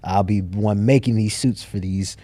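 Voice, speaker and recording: Low-voiced man telling his story. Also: steady tone, moderate pace, mellow. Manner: storyteller who acts out his own quotes. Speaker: podcast guest, entrepreneur. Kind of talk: casual interview chat.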